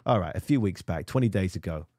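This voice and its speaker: A man's voice: sits low, lively intonation, fast, mellow. A man reviewing music videos in casual screen-share commentary, rambling and poking fun at himself. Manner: rambling and self-mocking.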